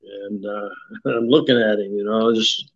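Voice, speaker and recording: This retired pro wrestler, an older man being interviewed, spins shoot-interview yarns in a rambling, folksy manner, full of fillers and impressions of the people he quotes. His pitch sits fairly low, his voice is gravelly, and he keeps a measured pace. The recording is dull.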